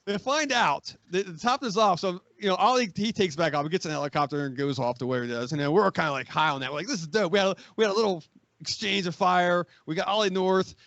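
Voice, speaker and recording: A man in his forties, a magazine editor, telling a profane, animated war story on a podcast and acting out what others said. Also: high voice, fast talker, no room sound, muffled recording. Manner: profane, animated, acts out quoted voices. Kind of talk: casual storytelling, war anecdote.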